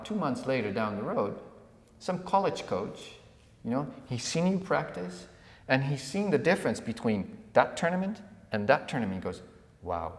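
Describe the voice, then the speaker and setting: A man co-hosting a podcast, telling a parable in a relaxed conversational way and acting out the villagers' lines. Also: mid-range voice. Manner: animated storyteller who acts out villagers. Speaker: podcast co-host. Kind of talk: conversational storytelling. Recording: echoey room with long reverb.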